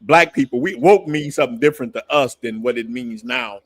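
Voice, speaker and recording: A man hosts a casual live-stream conversation. He breaks in with loud interjections and speaks in relaxed, everyday slang. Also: medium pitch, fairly quick. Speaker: host.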